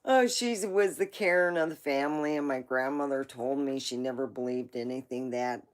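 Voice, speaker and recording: A woman's voice: very deep voice, a little slow, long pauses. A woman hosting a livestream, telling rambling family stories in a casual way, laughing often and swearing now and then. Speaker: livestream host. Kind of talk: casual storytelling.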